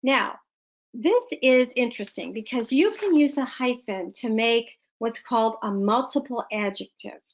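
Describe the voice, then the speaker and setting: A woman's voice: a little high, lively intonation, a little slow. A woman teaching a punctuation lesson, explaining patiently with playful emphasis. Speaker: literacy teacher. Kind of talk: classroom lesson.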